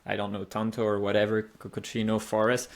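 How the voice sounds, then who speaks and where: A man hosting a running podcast, asking questions in a casual, halting way with frequent restarts. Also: fairly low pitch, little pitch movement, creaky. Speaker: podcast host. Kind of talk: casual interview.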